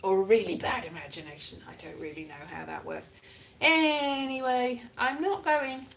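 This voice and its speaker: A woman chatting live with her viewers in a casual, playful way. She is theatrical and self-mocking, with a middling pitch. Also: animated, moderate pace, creaky, fairly bright tone, a little hiss or hum. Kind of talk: casual live-stream chat.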